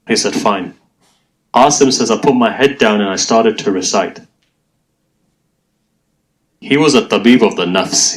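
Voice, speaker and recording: A man delivers a mourning sermon in a fairly low voice. He tells it like a story, with a conversational tone, and keeps turning to speak to the people in front of him. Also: poor audio. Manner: conversational storytelling, addressing the audience directly. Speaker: Muslim preacher.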